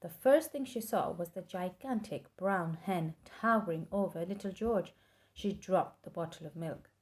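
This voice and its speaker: A woman reading a children's story aloud with lively, expressive storytelling. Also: lowish voice, a little slow, slightly rough, no room sound. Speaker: storybook reader.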